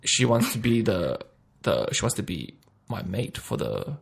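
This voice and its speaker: Man, podcast host, casual chat, gravelly, husky, playful, acts out scenes. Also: fairly low pitch, sing-song. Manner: playful, acts out little scenes with quick swings in loudness.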